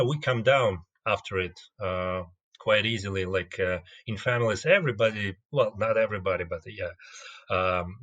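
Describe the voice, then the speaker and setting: Man, Russian accent, lowish voice, measured, thoughtful interview chat. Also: pushed and bright. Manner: measured, searching for words. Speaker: guest comedian.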